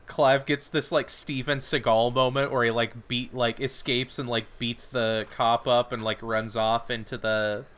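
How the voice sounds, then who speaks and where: A man's voice: mid-range voice, level tone, unhurried, hardly any pauses, fairly bright tone. A man co-hosting a podcast, casually recapping a film's plot in a rambling way with lots of filler words. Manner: rambling, many "like" fillers, retells scenes. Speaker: podcast co-host. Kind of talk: casual movie recap chat. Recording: audio-only podcast.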